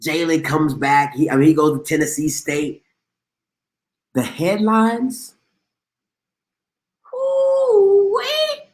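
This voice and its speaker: A man hosts a live sports talk show with casual commentary, speaking emphatically in slang and repeating himself for effect. His voice is on the high side and animated, a little slow, and the sound is roomy.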